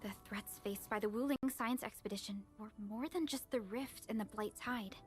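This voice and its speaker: A woman's voice: fairly high pitch, normal speed, natural voice. A woman voicing an earnest young explorer in a video game, explaining her surroundings. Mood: explanatory. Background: faint game music.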